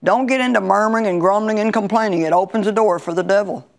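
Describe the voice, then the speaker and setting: A woman's voice: mid-range voice, quick pace, creaky. A woman Bible teacher preaching a sermon in a conversational, emphatic way, repeating her key lines.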